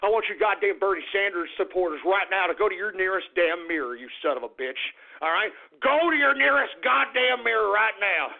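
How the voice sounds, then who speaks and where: Ranting high-voiced radio host, man. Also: brisk, gravelly, few pauses. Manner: abrasive, profane, shouting insults. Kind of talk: ranting radio talk show. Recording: phone-like lo-fi radio sound.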